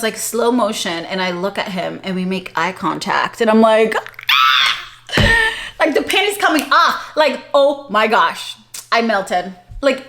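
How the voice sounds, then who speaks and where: A young adult woman vlogging, telling a story in a chatty, animated way and laughing often. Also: medium pitch. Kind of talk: casual storytelling vlog.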